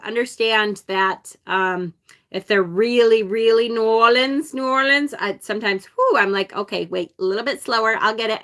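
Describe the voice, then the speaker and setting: Chatty upstate New York woman, bright voice. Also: a little high. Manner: chatty, reads viewer comments aloud, laughs often. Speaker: tarot channel host. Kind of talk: casual live-stream deck unboxing.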